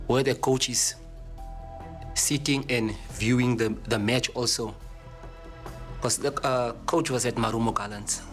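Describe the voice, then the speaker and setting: A man's voice: mid-range voice, measured pace, long pauses, faint music behind. A man, a football player, casually reflecting on a match in an interview. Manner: casual, relaxed, fillers like you know.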